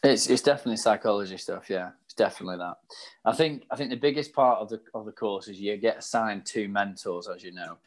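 A man's voice: lowish voice, fast. A man in casual chat as co-host, talking about coaching and studies, laughing easily at himself. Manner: laughs easily, self-deprecating.

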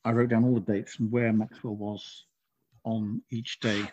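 A middle-aged author talking in a relaxed interview, thoughtful and rambling with frequent restarts. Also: male voice, on the low side, unhurried, dull audio, slight background noise. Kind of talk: casual interview chat.

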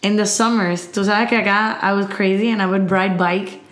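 Brief: lively mom storyteller, mid pitch, chatty, echoey room. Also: female voice, moderate pace. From Miami. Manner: animated storyteller, acts out quotes, laughs, code-switches to Spanish. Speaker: podcast co-host, mother. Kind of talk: casual chat.

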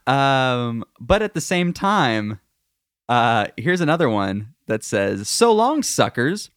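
A man co-hosts a casual podcast, reading out headlines with a dry joking delivery. His pitch moves in a lively way. The sound is close and dry, with no room around it. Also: slow, clear, resonant tone, no room sound. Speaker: podcast co-host.

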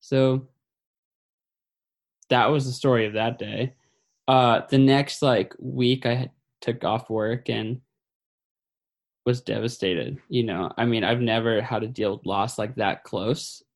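Gravelly man telling a sad story. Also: medium pitch, fairly even intonation. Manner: halting, full of fillers and restarts; somber, grieving. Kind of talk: personal storytelling.

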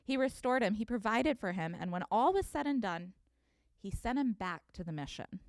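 A woman pastor in her thirties preaching a sermon, telling a scripture story with expressive reading. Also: medium pitch, normal speed, no echo, studio quality.

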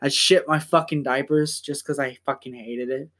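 A young man hosting a casual podcast from home, rambling and swearing as he talks in quick bursts. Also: mid-range voice, fairly even intonation, a bit bright. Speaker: podcast host.

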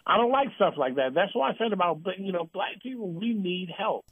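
A man hosts an uncensored call-in talk show, ranting bluntly and heatedly. His voice sits fairly high. The sound is dry and thin, like a phone line. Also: animated, a little fast, breathy edge, dry recording. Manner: blunt, heated ranting with mocking put-on quotes.

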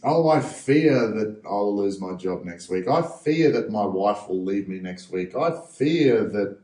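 An Australian man telling stories as a guest in a casual interview, animated and acting out other people's voices. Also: fairly low pitch, unhurried. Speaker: podcast guest, freediver. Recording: roomy echo, distant from mic.

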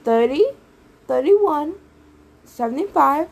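A woman reading an audiobook aloud, voicing three shrill, bickering old hag sisters who scream and squabble. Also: expressive, slow pace, gravelly, heavily acted. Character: three shrieking bickering old female hags. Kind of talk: audiobook character voices.

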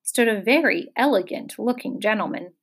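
A woman narrating a storybook chapter with measured, expressive pacing. Her voice sits slightly above the usual for a woman, clear and even. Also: a little high. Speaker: audiobook narrator. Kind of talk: scripted narration.

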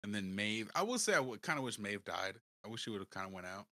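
A man co-hosting a podcast in casual chat, relaxed and slangy, laughing easily. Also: on the low side, fast talker, dry recording. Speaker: podcast co-host.

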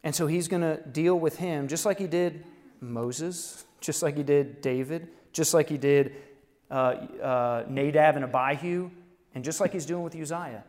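A pastor with a slightly high voice delivers a sermon in a big room with a long reverb tail. He preaches conversationally, firing off rhetorical questions and chuckling at his own points. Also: a little slow, darkish tone.

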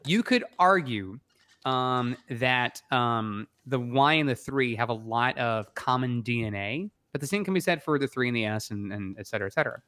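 A man's voice: medium pitch, lively intonation, normal speed, bright, forceful tone. Joking man co-hosting a podcast. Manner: joking, offers his own opinion. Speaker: podcast co-host. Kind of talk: casual podcast chat.

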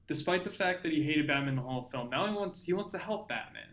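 A young man with a fairly high voice co-hosts a casual podcast. He talks in a loose, sarcastic way and mocks what he describes with a lot of laughing. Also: lively intonation, quick pace, a bit bright. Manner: sarcastic, mocking retellings with frequent laughing. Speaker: podcast co-host. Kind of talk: casual movie-review chat.

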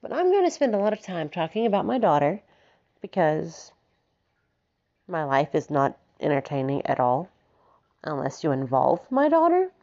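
A woman in her thirties from Alabama speaks with a soft Southern twang in a rambling, chatty podcast monologue. She giggles easily, swears casually and pokes fun at herself. The recording sounds a little dull and lo-fi. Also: low voice, big pitch swings, normal speed, long pauses. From Alabama, United States. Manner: giggly, swears freely, self-mocking. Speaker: podcast host.

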